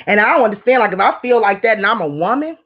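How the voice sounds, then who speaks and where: A woman hosting a casual livestream, talking candidly to viewers and reading their comments, rambling and animated. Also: mid-range voice, fast, breathy edge. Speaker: livestream host. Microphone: streaming mic. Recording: dull lo-fi stream audio.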